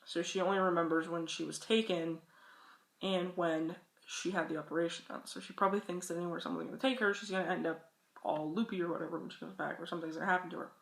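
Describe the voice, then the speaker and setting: A woman's voice: fairly low pitch, steady tone, fast talker, vocal fry. A young woman vlogging casual advice, rambling and chatty and swearing freely. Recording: echoey room.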